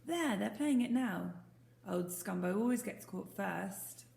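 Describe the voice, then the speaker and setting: A woman's voice: medium pitch, animated, a little slow, vocal fry, a little mellow. A woman voicing a cheerful, confident young Boy Scout who talks in a breezy, teasing way. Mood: enthusiastic. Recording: roomy echo.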